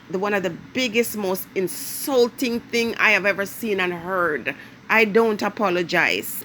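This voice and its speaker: This woman vlogger has a Jamaican accent and a mid-range voice that sounds pushed and bright over slight background noise. Her direct-to-camera monologue is emphatic and lecturing, with key words drawn out and stressed hard.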